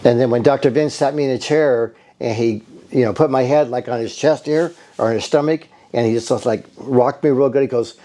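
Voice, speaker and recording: A middle-aged man at an ordinary pitch, his tone mellow and unforced. He talks casually and loosely, jumping from point to point and acting out the conversations as he tells his story. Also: fairly quick, hardly any pauses. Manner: rambling storyteller who acts out conversations. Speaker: bodywork therapist giving a patient testimonial. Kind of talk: casual spoken testimonial.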